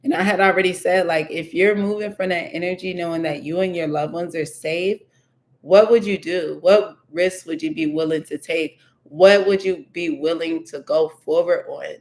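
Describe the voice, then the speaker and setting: Creaky-voiced woman rambling through tarot. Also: fairly low pitch, fairly even intonation, normal speed, darkish tone. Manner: rambling, filler-heavy, thinking aloud; repeats questions to the cards. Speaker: tarot reader. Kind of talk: casual tarot reading.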